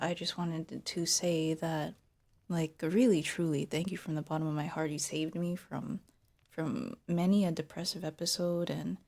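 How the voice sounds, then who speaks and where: A woman doing a low, earnest, teary fan. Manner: hesitant, heartfelt, soft. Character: earnest, tearful devoted fan of a streamer.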